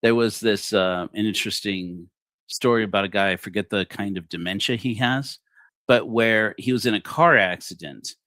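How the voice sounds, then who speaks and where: A man's voice: lowish voice, moderate pace, bright, forceful tone, no room sound. A man preaching a comedic, rambling sermon on a livestream, joking and self-deprecating. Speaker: preacher of a parody church.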